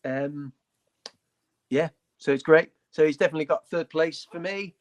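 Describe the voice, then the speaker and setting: A man's voice: fairly high pitch, normal speed. A man co-hosting a casual hobby podcast, talking with enthusiasm, blunt jokes and playful asides. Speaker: podcast co-host.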